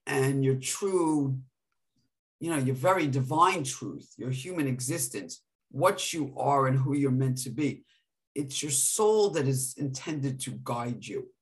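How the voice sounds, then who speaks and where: A woman with a New York accent, co-hosting a casual podcast chat and telling stories in an animated way. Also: very deep voice, a little slow. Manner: animated storytelling with laughs. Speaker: podcast co-host.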